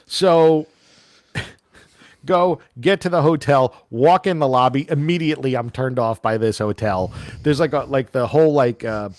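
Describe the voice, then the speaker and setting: A man tells a long story on a casual podcast. He is animated and acts out each person's lines as he goes. The sound is dry and close, with no room around it. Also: mid-range voice, measured pace, no room sound. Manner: animated, acts out quoted voices. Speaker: podcast co-host.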